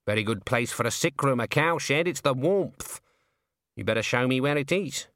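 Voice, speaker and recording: A man's voice: medium pitch, animated, moderate pace, a bit bright, no echo, studio quality. A man voicing a stern, suspicious old woman witch in a storybook reading, speaking in a clipped, commanding way. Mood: brisk.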